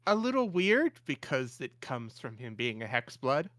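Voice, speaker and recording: A man playing a tabletop game, describing his character in halting speech full of "uh"s. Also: medium pitch, big pitch swings, fairly bright tone, no echo, studio quality. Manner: halting, heavy use of "uh". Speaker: player.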